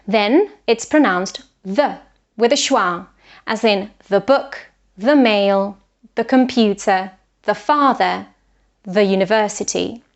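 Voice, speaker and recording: A woman giving an online English pronunciation lesson, explaining rules clearly and carefully modelling example words. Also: medium pitch.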